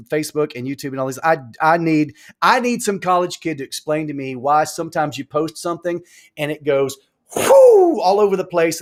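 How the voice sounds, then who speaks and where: Guy rambling on a home livestream, kinda high voice, jokey, repeats stuff a lot. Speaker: live show host. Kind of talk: casual live-stream talk.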